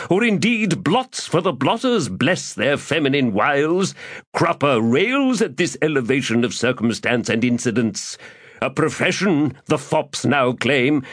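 In an audiobook, a man performs a pompous, florid, chubby schemer who holds court at a tavern table, speaking grandiloquent archaic English and calling himself by name in the third person. His pitch swoops and dances through long old-fashioned phrases. The recording is close, dry and a bit bright, with no echo.

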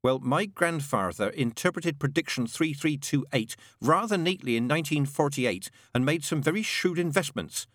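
A man's voice: fairly high pitch, lively intonation, moderate pace, hardly any pauses, fairly bright tone, no echo, pitched above the performer's own voice. A man reading an audiobook voices Anathema, a composed young woman with a cool, dry, sweetly pointed way of talking. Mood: wry. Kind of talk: audiobook narration.

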